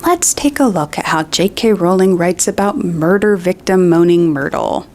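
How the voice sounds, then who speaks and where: A woman's voice: on the low side, animated, moderate pace, a little mellow. Sarcastic woman giving critical commentary. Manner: sarcastic, pointed. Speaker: video essayist. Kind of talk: critical commentary with book reading.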